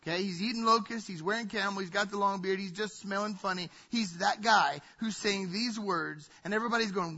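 A man preaching a sermon in an emphatic, conversational way, often dropping to a hushed tone. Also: high-pitched, brisk, vocal fry, husky, lo-fi sound. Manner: emphatic, conversational preaching with sudden drops to a hush.

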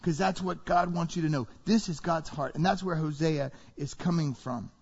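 Man, pastor, high voice, long hall reverb, sermon, animated, asks the room questions. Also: moderate pace, slightly rough. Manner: animated, rhetorical questions to the congregation. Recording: reverberant hall, dull sound.

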